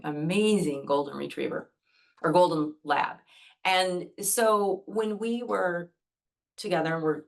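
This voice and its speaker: A woman teaching Reiki on a group video call, speaking earnestly and gently as she guides breathing step by step. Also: sits low, creaky. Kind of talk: gentle talk to an online group.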